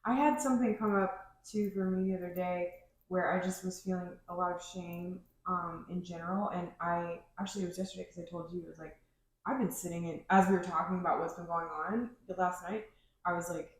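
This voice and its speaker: A woman's voice: lowish voice, steady tone, fairly quick. A woman co-hosting a podcast, talking in a loose, rambling way full of "like". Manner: rambling, heavy use of "like". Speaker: podcast co-host. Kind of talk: casual chat. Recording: very echoey room.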